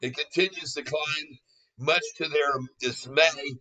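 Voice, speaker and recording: A man with a bright, forceful and slightly raised voice, talking excitedly through a live stock stream. He laughs often and keeps calling out to his viewers as folks. He sits a little back from the mic. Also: a little high, measured pace, distant mic, poor audio. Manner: talks straight to viewers as folks. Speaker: stock market livestream host. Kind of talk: live casual stock-trading commentary.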